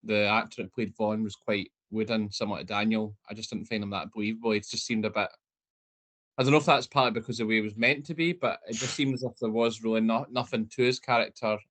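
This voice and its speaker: A man co-hosting a podcast, giving his movie opinions in an easygoing, measured way with some hesitant fillers. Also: fairly low pitch, steady tone, fairly bright tone. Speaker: podcast co-host. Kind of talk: casual movie review chat.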